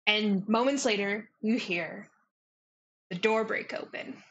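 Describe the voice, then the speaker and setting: A woman narrating as game master, often pausing and restarting. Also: mid-range voice, muffled recording, a little hiss or hum. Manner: hesitant, many restarts.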